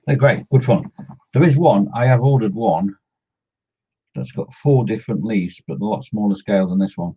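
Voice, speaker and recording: A man's voice: lowish voice, normal speed, husky, muffled recording. A man chatting casually on a scale-modelling live stream, greeting viewers by name and joking as he works.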